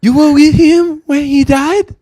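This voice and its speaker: A man putting on a high, slow, solemn voice as an aged samurai leader. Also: fairly even intonation, dark tone, no echo. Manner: halting, grave, drawn-out delivery.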